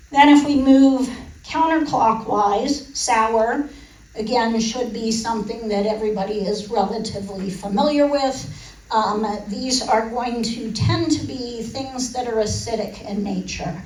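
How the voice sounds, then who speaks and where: A woman's voice: a little high, a little mellow. Woman lecturing in an echoey room. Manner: casual, with many fillers and restarts. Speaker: guest speaker on food science. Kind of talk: lecture to a live audience. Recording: roomy, distant mic in a hall.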